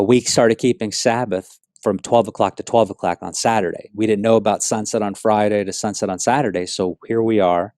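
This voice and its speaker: A man from South Florida telling his personal faith testimony in an earnest, animated storytelling way, full of asides. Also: on the low side, no echo, studio quality. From South Florida, USA. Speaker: speaker giving a personal testimony.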